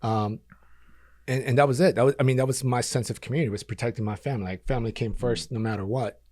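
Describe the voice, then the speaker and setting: A man's voice: medium pitch, fast talker, no echo. Man telling war stories, dry close sound. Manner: animated storyteller, acts out quotes, frequent fillers. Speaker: podcast guest, former combat controller. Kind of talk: casual storytelling interview.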